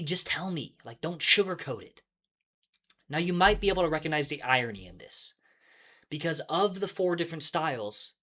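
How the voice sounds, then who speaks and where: A man's voice: medium pitch, fairly bright tone. A man hosting a workplace podcast, explaining in an upbeat, conversational way and chuckling often. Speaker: podcast host. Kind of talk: casual explanatory podcast talk.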